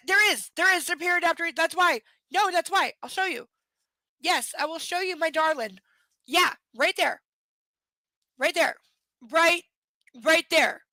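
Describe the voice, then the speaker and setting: A tired woman reading a novel aloud on a live stream, breaking off to chat bluntly and sardonically, with plenty of swearing. Her voice is high and bright, recorded close and dry. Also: dry recording. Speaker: live stream book reader.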